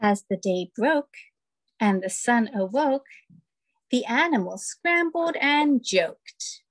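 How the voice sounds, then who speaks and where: Expressive woman reading picture books. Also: on the high side, takes it slowly. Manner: animated, expressive reading with animal sounds. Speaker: storyteller host. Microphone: video call.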